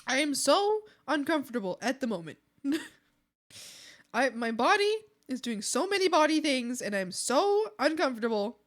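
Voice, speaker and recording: A woman's voice: sits high, big pitch swings, normal speed. A young woman art streamer chatting casually and scatterbrained with her viewers, laughing often. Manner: giggly, scattered, chats to viewers. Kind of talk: casual live-stream chat.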